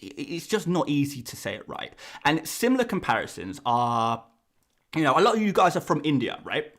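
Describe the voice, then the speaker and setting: Animated English man ranting on a stream. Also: moderate pace. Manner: animated, rambling, voice jumps high when exasperated. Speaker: fantasy football streamer. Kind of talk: live stream chat to viewers.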